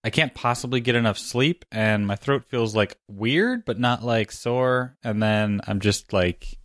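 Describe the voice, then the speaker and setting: A man's voice: medium pitch, measured pace, a bit bright, no echo. A tired man chatting casually on a podcast, teasing his co-host with dry quips. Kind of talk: casual chat. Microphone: studio microphone.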